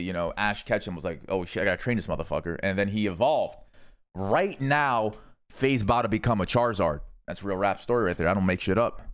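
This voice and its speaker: A young man streaming, casually rambling through esports predictions with lots of swearing and thinking out loud. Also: on the low side. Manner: rambling, profane, thinking aloud.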